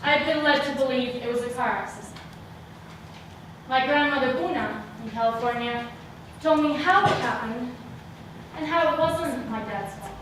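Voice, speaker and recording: Brief: young woman in a live one-person stage show, intense and dramatic, bright voice, roomy far-off recording with faint ambience. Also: high-pitched, moderate pace, slight background noise. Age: young adult. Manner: dramatic, swinging from hushed to shouting. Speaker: student performer. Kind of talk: solo stage monologue. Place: theater stage, live audience hall. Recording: echoey hall sound from a distant mic.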